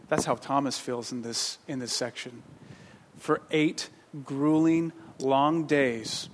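A man's voice: a little high, slight background noise. A man in his thirties preaching, telling a rambling personal story with self-deprecating jokes and lots of restarts. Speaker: pastor. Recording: long reverb of a hall.

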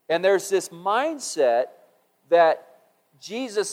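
A middle-aged man preaching a sermon in a conversational, musing way, rising for emphasis and dropping low when quoting scripture. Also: animated, takes it slowly, a little mellow. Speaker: pastor.

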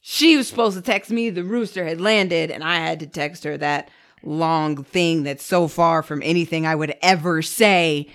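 A woman in playful banter with her husband, indignant and quick to argue back. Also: sits low, fairly bright tone. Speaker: wife in a couple game.

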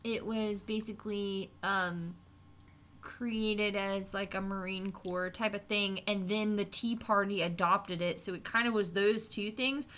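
Bright-voiced chatty woman podcaster. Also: medium pitch, fairly even intonation, a little slow. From West Virginia, USA. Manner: chatty, teasing, laughs easily. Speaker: podcast co-host. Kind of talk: casual podcast chat, storytelling.

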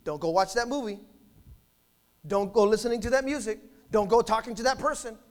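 A pastor preaching a sermon in church, emphatic, leading call-and-response with the congregation and swinging between loud bursts and quiet asides. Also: male voice, high voice, a little fast.

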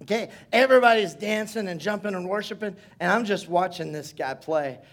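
A man preaching as pastor in a church service, telling stories with playful asides and building to loud shouts. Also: high voice, brisk. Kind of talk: sermon.

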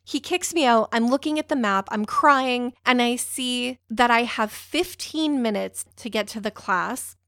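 A woman's voice: a little high, a little slow, few pauses, a bit bright, dry recording. Chatty emotional young woman, dry sound. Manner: chatty, rambling, emotional, swears. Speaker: storyteller. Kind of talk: casual personal storytelling.

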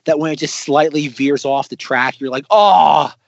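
A man co-hosting a podcast, casually critiquing comedy sketches in an animated way, often mimicking other voices. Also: on the high side, normal speed, vocal fry, dry recording, lo-fi sound. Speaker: podcast co-host. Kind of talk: casual chat reviewing sketches.

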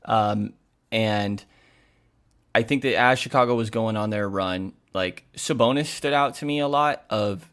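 A man's voice: fairly low pitch, a little slow, a bit bright, smooth. Man rambling with lots of "like". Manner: loose, full of "like" and "you know". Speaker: sports reporter co-host. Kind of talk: casual podcast chat.

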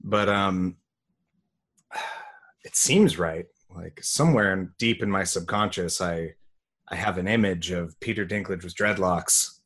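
A man talks through a bad film in easygoing podcast banter. His voice sits on the low side, and he rambles, swears casually and drifts with ums and half-finished thoughts. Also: a little slow, fairly bright tone. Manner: laid-back, profane, trails off with ums and laughs. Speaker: podcast co-host. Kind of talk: casual movie recap chat.

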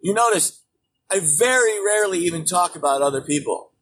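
Ranting, foul-mouthed man, high-pitched. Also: lively intonation, brisk. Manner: angry, swearing constantly, emphatic, bursts into shouting. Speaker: show host. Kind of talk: profane political rant. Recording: distant mic with faint background noise.

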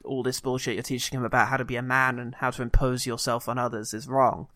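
A man co-hosting a casual film review podcast, animated and quick to act out movie lines in funny voices. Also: mid-range voice, no echo. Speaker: podcast co-host.

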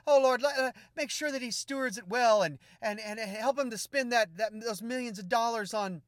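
A man doing a shrill, gushing prayer lady. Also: moderate pace, no room sound, clean studio sound. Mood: gushing shouting. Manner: high, shouting, gushing prayer. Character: fervent loud woman intercessor, gushing praise.

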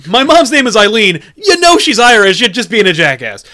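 Casting note: young man, fairly high and bright, casual chat, swears a lot, restarts often. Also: fairly quick. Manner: profane, excitable, stumbling restarts.

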